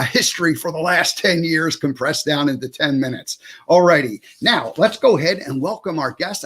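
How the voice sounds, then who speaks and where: A man's voice: on the high side, a bit bright. A man hosting a casual online talk show over a video call, rambling loosely with plenty of fillers and restarts. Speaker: show host.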